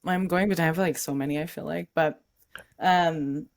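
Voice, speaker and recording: A woman's voice: low voice, fairly even intonation, normal speed. Easygoing woman guest on a podcast. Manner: easygoing, rambling with fillers, laughs easily. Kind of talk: casual chat.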